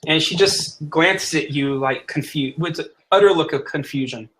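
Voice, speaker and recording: A man's voice: a little high, moderate pace, fairly bright tone, rough recording. A man narrating as game master of a tabletop role-playing game, who plays the characters in his own voice.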